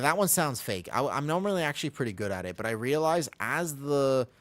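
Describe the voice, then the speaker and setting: A man's voice: mid-range voice, fairly bright tone, no room sound. An American man chatting casually on a live stream while gaming, rambling along and humming to himself on a desk mic. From United States.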